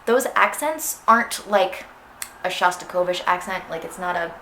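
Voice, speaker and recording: A woman's voice: fairly low pitch, moderate pace, vocal fry, sharp tone. A young woman teaching an orchestral clarinet excerpt in a casual, chatty way, singing phrases aloud to show them. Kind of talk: instructional music lesson. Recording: echoey room with faint noise.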